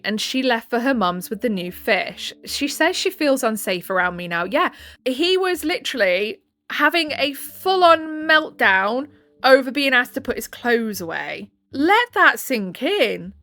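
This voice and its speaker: A woman's voice: a little high, bright, forceful tone. A woman reading online posts aloud, breaking off for chatty, exasperated asides. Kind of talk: casual storytelling with commentary.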